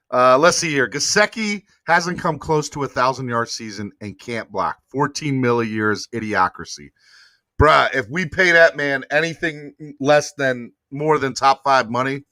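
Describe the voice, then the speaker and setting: Male podcast host, casual slangy sports chatter, bright tone, dry close sound. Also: mid-range voice, dry recording. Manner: animated, slangy, begs viewers for likes. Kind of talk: casual sports talk livestream.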